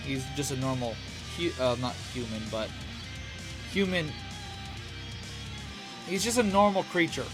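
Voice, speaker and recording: A man hosting a reaction video, chatting casually and rambling with lots of fillers and the odd swear word. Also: medium pitch. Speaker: reaction channel host.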